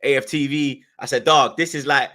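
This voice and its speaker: A young man on a podcast, his voice mid-range and his pace moderate, spins an excitable tale in London slang. He performs the quoted lines as he goes.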